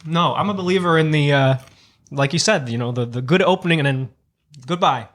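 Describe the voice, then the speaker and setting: A man hosting a podcast, telling an anecdote in an animated, jokey way and acting out the dialogue. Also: fairly high pitch, fairly quick. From Portugal. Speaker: podcast host. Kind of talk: casual storytelling.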